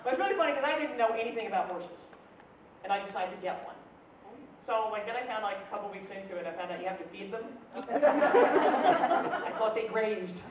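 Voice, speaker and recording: A woman's voice: mid-range voice, rapid-fire. A woman from New Jersey doing a stand-up comedy set, telling brash, profane stories with punchy timing. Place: club room with a laughing audience. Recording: distant, echoey live-room recording. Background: loud crowd laughter and noise.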